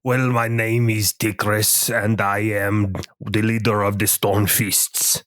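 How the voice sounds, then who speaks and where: A man's voice: lowish voice, level tone, takes it slowly, fairly bright tone, no echo, studio quality. A man voicing a huge, boastful male warrior chieftain in a thick put-on accent during tabletop role-play.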